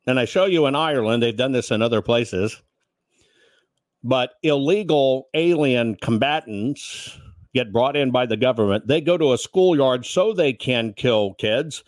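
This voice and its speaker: A man's voice: mid-range voice, animated, a little slow, no echo, clean studio sound. A man giving angry political commentary, sarcastic and full of swearing. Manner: sarcastic, profane.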